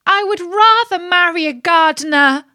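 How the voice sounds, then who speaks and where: A woman's voice: extremely high pitch, moderate pace, sharp tone, dry recording, studio quality, pitched above the performer's own voice. A woman reading the lines of a proud young princess from a fairy tale. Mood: crying out. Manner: mocking. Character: proud young princess, mocking then desperate.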